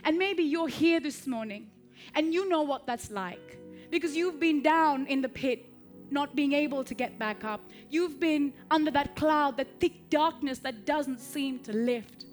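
A woman preaching a sermon in rhythmic repeated phrases, swelling to loud peaks and dropping to soft tones. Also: high voice, unhurried, faint music behind.

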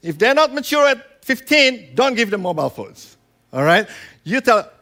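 Guy with a high voice giving a sermon, talks casual, keeps saying right?. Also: big pitch swings, moderate pace, sharp tone. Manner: conversational preaching with frequent "right?" and "you know"; acts out quoted voices. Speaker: pastor.

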